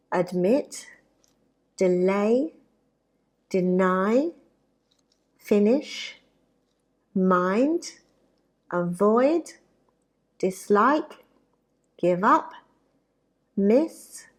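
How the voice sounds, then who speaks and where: A woman with a British accent teaching an English grammar lesson, speaking deliberately and spelling out examples. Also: medium pitch. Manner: deliberate, carefully spoken examples. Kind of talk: slow, clear grammar lesson.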